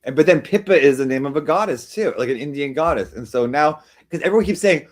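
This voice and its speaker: A man hosts a live stream, chatting casually with viewers and reading their comments. His somewhat high voice is animated and fast with few pauses, and he rambles and teases, jumping from joke to joke and between replies.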